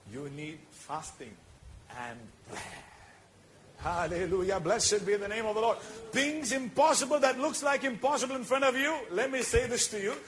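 A man's voice: very high-pitched, fairly bright tone, slight background noise, poor audio. A man preaching a sermon as pastor, mixing in Malayalam and building to emphatic peaks. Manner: switches between English and Malayalam, rising to emphatic peaks.

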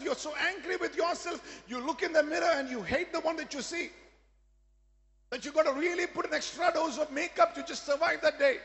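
Man, very high voice, emphatic sermon, long echoing hall reverb. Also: fairly bright tone. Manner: emphatic preaching with call-and-response asides. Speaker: pastor.

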